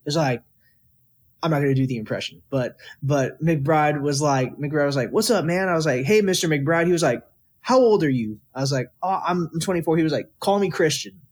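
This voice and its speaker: Young male guest, early twenties, from Texas. Animated storyteller, voice a touch high. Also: fairly quick. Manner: animated, quotes people in lively voices. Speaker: guest musician. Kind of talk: casual storytelling interview.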